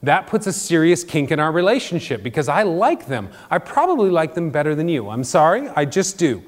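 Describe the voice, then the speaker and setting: Middle-aged preacher guy, jokey and chatty, gets loud then goes quiet, big church reverb. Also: very animated, fairly quick. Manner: conversational and joking, swings between loud emphatic bursts and quiet low asides. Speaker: pastor. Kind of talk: sermon. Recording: long reverb of a large hall.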